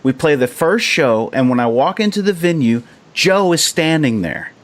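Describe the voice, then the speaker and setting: A man's voice: on the high side, very animated, normal speed. A man co-hosting a casual podcast, laid-back and easily amazed, telling stories loosely. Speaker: podcast co-host.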